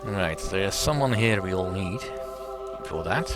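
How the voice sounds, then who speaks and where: A man's voice: deep voice, animated, slow, over loud music. A man hosting a let's play, musing aloud about the game with hesitant fillers. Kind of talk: gameplay commentary.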